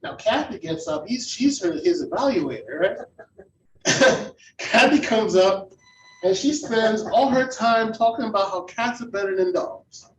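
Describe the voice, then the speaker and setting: A man's voice: high-pitched, lively intonation, unhurried, a little hiss or hum. A man teaching a club audience how to give speech feedback, in a conversational, encouraging way and asking the audience questions. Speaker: club speaker teaching evaluation. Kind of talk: instructional talk to a club audience. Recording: echoey room, heard from a distance.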